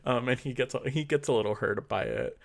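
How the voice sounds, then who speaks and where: A man's voice: mid-range voice, fairly quick, vocal fry. A man co-hosting a podcast, rambling through a fanfic plot in casual chat, with lots of fillers and quoted lines. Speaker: podcast co-host.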